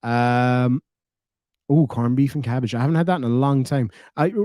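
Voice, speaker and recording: A man's voice: mid-range voice, moderate pace, a little mellow, no room sound, studio quality. An Irish man from Ireland hosting a live stream, reading out viewer comments in a sarcastic, casual way and swearing freely.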